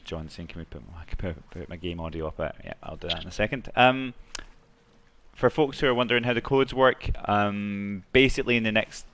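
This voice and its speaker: A man's voice: lowish voice, a little fast, a bit bright, slight background noise. A man hosting a game livestream, chatty and reading out viewer messages. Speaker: stream host. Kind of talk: casual game stream chat.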